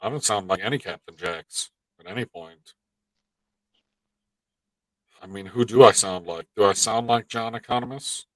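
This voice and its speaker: A man's voice: on the low side, moderate pace, long pauses, dry recording, poor audio. Profane, rambling man on a live stream. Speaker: podcast co-host. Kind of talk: casual live-stream chat.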